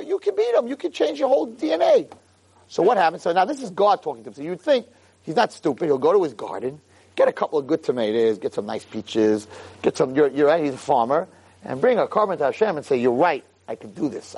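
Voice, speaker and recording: A man's voice: mid-range voice, a little fast, husky. A man teaching a Torah class as a rabbi, emphatic and full of rhetorical questions, acting out voices of people in the story. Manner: animated, emphatic, rhetorical questions, acts out dialogue.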